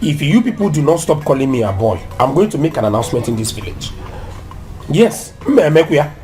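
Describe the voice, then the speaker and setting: A man's voice: a little high, very animated, brisk, warm tone, faint music behind. An actor with a Nigerian accent playing a young man pleading with his mother to treat him as grown. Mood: exasperated. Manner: exasperated, pleading. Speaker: son.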